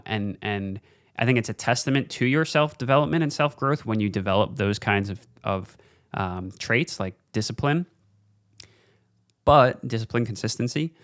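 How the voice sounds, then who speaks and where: Podcast guy giving a motivational rant, casual and blunt, swears a lot, smooth voice, dry close mic. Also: medium pitch, dry recording. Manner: slows down for emphasis. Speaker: podcast host. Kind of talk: motivational monologue. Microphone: studio mic, facing camera.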